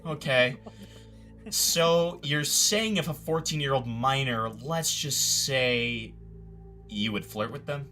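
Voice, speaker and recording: A male host in casual commentary chat, stammering and exasperated as he works through his points. His voice is bright and forceful. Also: medium pitch, takes it slowly, faint music behind.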